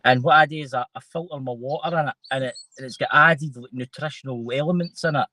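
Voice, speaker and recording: A man's voice: medium pitch, fast talker, bright, forceful tone, low-quality recording. A man with a Scottish accent hosting a casual chat show, rambling and trailing off mid-sentence. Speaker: host.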